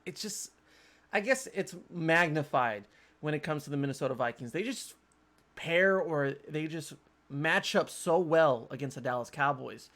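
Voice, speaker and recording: A man hosting a casual sports podcast, talking in animated, quick bursts with frequent restarts. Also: a little high. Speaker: podcast host.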